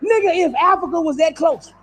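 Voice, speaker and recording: A man performing a stand-up comedy routine, riffing loudly and profanely with big swings in pitch. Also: brisk, a faint crowd, slight background noise.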